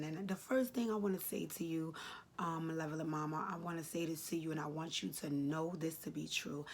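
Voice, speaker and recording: A woman in her late 30s, an advice vlogger answering a letter, speaks directly and informally to viewers with earnest, emotional advice, repeating key phrases for emphasis. Her voice sits low, steady and a little fast, with creak. There's slight hiss or hum.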